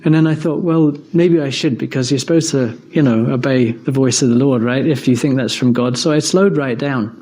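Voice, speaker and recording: Speaking briskly and barely pausing, this man from England has a medium-pitched, darkish voice. He's delivering a casual talk about evidence for God, weaving in personal anecdotes thoughtfully and leaning on plenty of fillers.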